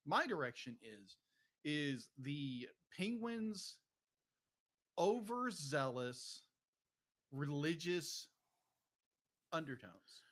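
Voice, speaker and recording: Very slow and sing-song, with frequent pauses, a man with a slightly high, somewhat bright voice hosts a relaxed film podcast. He wanders off track, restarts often, and says "be like" again and again.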